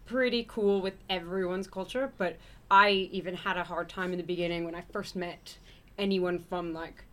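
A woman's voice: fairly low pitch, fairly even intonation, normal speed, a bit bright. A woman from Canada chatting as a panel guest, a bit hesitant and fond of "like". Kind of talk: casual panel chat.

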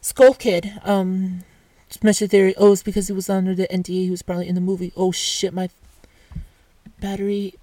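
A woman telling a casual storytime rant, animated, swearing, full of restarts and asides. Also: mid-range voice, a little fast, no room sound.

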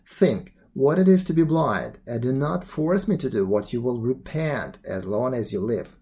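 A man voicing a stern old dervish in a read-aloud storybook, speaking low and solemnly. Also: animated, normal speed, mellow, lightly acted.

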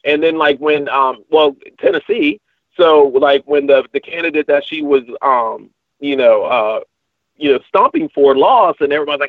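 A man's voice: fairly high pitch, big pitch swings, normal speed, gravelly, no echo. A man co-hosting a podcast, chatting casually in a rambling way with many fillers and restarts. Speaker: podcast co-host. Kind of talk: casual chat. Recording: tinny phone-like line, dry.

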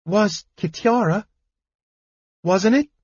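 A man voicing a small, excitable male kender who talks in a high, breathless, stammering way, in a storybook reading. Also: slow pace, breathy edge, heavily acted. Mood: hesitant. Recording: dull lo-fi dry recording.

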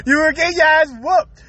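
High, bright-voiced man telling a laughing story. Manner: profane, laughs constantly, animated and emphatic. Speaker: podcaster recalling his own episode. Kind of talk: casual comic storytelling.

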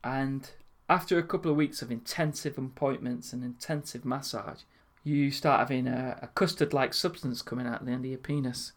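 A man's voice: mid-range voice, normal speed, hardly any pauses. A young man, telling stories in a casual, laughing podcast chat. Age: young adult. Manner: storytelling, laughing, lively. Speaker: podcast co-host.

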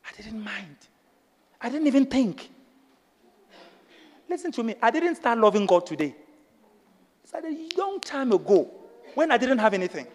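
A man with a very high voice preaching a passionate sermon in a church. His delivery swings from hushed lines to loud, climbing shouts. The sound rings with long reverb in a big hall. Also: big pitch swings, moderate pace, long pauses. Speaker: pastor.

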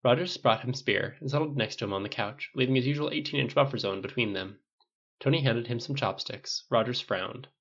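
A man reading a fan fiction story aloud, narrating in a lively way and raising his voice for the dialogue. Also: medium pitch, brisk, muffled recording. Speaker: audiobook narrator.

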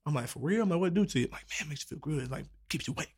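Young man telling a wild story, fairly high voice. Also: very fast, slightly rough. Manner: animated, acts out quoted dialogue, swears freely. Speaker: storyteller among friends. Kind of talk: casual storytelling with friends.

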